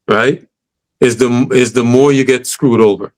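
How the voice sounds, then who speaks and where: A man's voice: mid-range voice, steady tone, a little slow, darkish tone. A man in a casual podcast conversation, talking emphatically and often checking in with "you know what I mean?".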